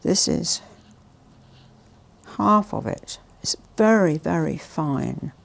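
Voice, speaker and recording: A woman vlogger presenting a haul in a casual, gushing and emotional way, often dropping to soft whispers. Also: on the low side, expressive, takes it slowly, creaky. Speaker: fashion vlogger.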